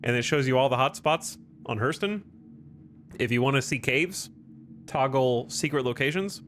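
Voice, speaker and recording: A man giving live gameplay commentary to his chat, clearing his throat often after choking. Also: mid-range voice, expressive, normal speed, fairly bright tone, a little hiss or hum. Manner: talks to chat while playing, with frequent throat clearing. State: choking and coughing. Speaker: streamer.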